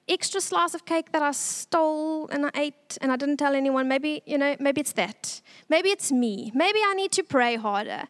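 A young woman giving an earnest, tearful church testimony, pausing often. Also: sits high.

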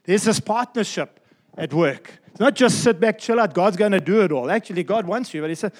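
Preaching from the pulpit, this man has a high voice with lively intonation. He speaks emphatically, returns to key phrases, and slows his pace to stress what matters.

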